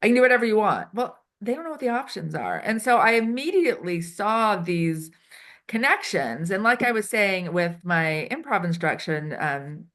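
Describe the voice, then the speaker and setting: A woman consultant being interviewed, chatty and animated, acting out quoted lines as she explains. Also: medium pitch, measured pace. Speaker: HR consultant and improv performer. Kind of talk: casual interview answers. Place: Switzerland.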